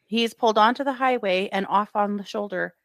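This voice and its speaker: A woman's voice: medium pitch, a little fast, no echo, clean studio sound. A woman co-hosting a true crime podcast, telling a story in casual chat and acting out what people said. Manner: lively retelling with acted-out quotes.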